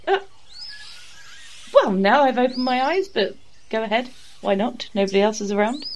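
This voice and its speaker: A playful woman flirting and teasing through an improvised comedy scene. Her voice sits fairly high and moves around a lot. Background noise is clearly audible behind her. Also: lively intonation, normal speed.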